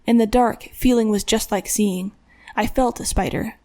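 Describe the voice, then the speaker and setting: A woman voicing a quiet, guarded young man who speaks softly and tersely in an audiobook. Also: fairly high pitch, steady tone, moderate pace, close to an everyday voice. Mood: hushed. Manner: soft, hushed, terse.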